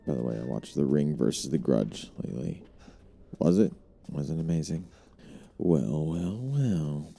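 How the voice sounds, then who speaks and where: A man's voice: rumbling low, animated, unhurried, vocal fry, warm tone, breathy edge. A young man streaming a horror game, talking to his chat, swearing and jumpy. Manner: swearing, jumpy, chatty with viewers. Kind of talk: live horror game commentary.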